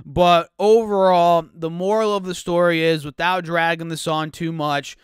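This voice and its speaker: A man hosting a casual stock market video, his voice rough from just waking up, talking chattily to viewers he calls guys and clearing his throat now and then. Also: a little high, fairly even intonation, a little slow, no room sound, clean studio sound. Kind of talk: casual talk to camera.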